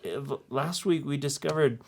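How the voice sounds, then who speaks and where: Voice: medium pitch, a little slow. A youth ministry host making jokey announcements and then giving a Bible recap. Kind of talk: playful hosting and Bible recap.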